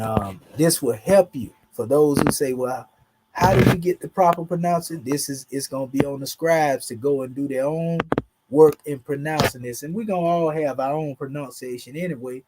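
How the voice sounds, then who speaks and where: A man's voice: medium pitch, background noise. A man with a Southern US drawl giving a casual, emphatic online lesson, talking through charts in a slangy, conversational way. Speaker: teacher.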